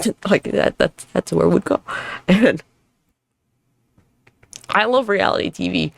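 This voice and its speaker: A woman's voice: mid-range voice, expressive, moderate pace, creaky, pauses often. A woman hosting a casual solo podcast, rambling and swearing freely as she mocks herself. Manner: rambling, profane, self-mocking. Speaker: podcast host.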